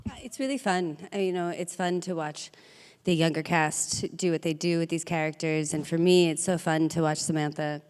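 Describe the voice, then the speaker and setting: A woman from New Jersey with a New Jersey accent, an actor chatting casually on a stage panel, animated and acting out quoted exchanges. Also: low-pitched, normal speed, clean tone. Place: stage panel in a large auditorium. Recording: long hall reverb from a live stage.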